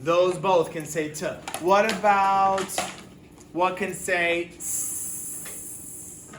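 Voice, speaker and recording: A man's voice: high voice, fairly even intonation, takes it slowly. A man teaching a phonics lesson, patiently sounding out letters for children. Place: classroom. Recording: echoey room, mic far off, background noise.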